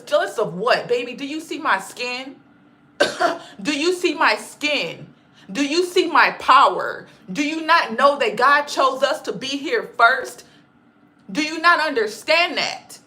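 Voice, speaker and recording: A woman's voice: high-pitched, lively intonation, measured pace, bright, forceful tone. A woman hosting a commentary vlog, talking emphatically and with profanity, repeating her points for effect and calling her listeners "baby". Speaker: channel host.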